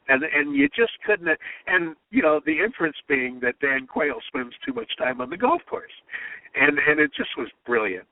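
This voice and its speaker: A man's voice: fairly high pitch, dry recording. A man who writes political humor, telling anecdotes and mimicking the people he quotes. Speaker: comedy writer. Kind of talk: storytelling interview talk. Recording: tinny phone-line sound.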